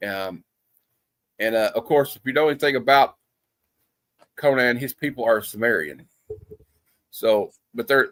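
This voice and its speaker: A man of middle pitch hosts a casual film review. He rambles and restarts often, piling up fillers as he goes. The sound is close and dry, with no room around it. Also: no room sound. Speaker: movie review host. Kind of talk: casual movie review chat. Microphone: streaming setup.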